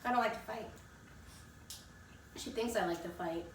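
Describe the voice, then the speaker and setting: A young woman co-hosting a casual chat over a meal talks in a mid-range voice at a moderate pace, chatting between bites. She's far from the mic in an echoey room, with loud ambience and a noisy background.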